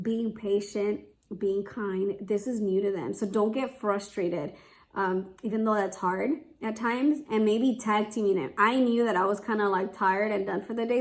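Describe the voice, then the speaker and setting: A woman's voice: mid-range voice, a little mellow. A young woman, a mother, chatting casually to camera, with a lot of "like" and restarts. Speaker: vlogger, mother.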